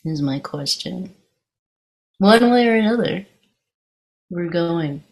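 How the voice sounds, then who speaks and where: A woman with a fairly low voice gives a dharma talk. She tells a personal story with lively energy, then moves into a calm, reflective teaching. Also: slow pace, creaky.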